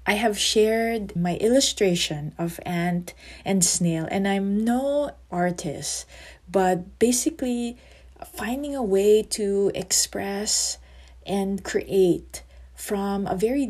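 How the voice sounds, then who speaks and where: A woman's voice: medium pitch, slow, darkish tone. A woman from the Philippines, hosting a podcast as a psychotherapist in a conversational, therapist-like manner. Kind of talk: podcast monologue.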